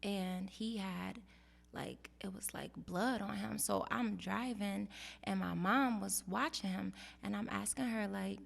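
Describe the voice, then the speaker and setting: A woman hosting a casual interview, telling a personal story with animated, acted-out quotes. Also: medium pitch, measured pace, vocal fry, long reverb tail. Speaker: host.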